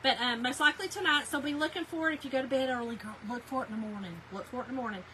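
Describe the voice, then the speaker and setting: A woman's voice: high voice, rapid-fire, bright, forceful tone, slight background noise, rough recording. A middle-aged woman, chatting casually with viewers on a live craft stream and answering their comments. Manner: chatty, talks straight to viewers, reads out chat comments. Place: home craft room.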